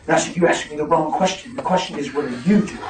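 A man preaching a fervent testimony sermon, moving between shouts and hushed tones. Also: on the high side, quick pace, crowd noise. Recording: roomy, distant mic with noise.

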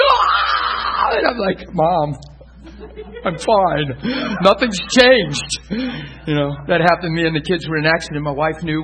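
High-voiced man preaching with laughing stories. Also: slight background noise, low-quality recording. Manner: laughing, lively anecdotes, swings from hushed to loud. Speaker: pastor. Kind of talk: sermon storytelling. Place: church pulpit.

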